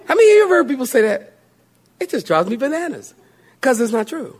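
A man's voice: very high voice, very animated, breathy edge. A male pastor preaching a sermon, drawing out key phrases and mocking self-pity with playful put-on voices. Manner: drawn-out emphatic phrases.

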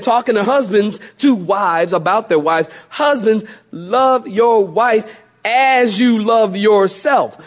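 A male pastor preaching a sermon, drawing out key phrases and mocking self-pity with playful put-on voices. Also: high voice. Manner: drawn-out emphatic phrases.

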